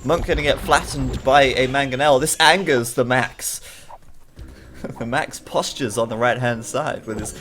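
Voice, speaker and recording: A man commentating a strategy video game live, chatty and excitable, with jokey asides between the action. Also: mid-range voice, a little slow, faint music behind.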